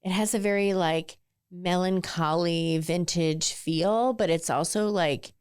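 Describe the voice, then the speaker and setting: A woman's voice: lowish voice, measured pace, clean tone, no echo, studio quality. A woman in her forties from southern California, a guest telling her story candidly in a casual interview, with lots of "like" fillers. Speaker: guest, ice cream entrepreneur.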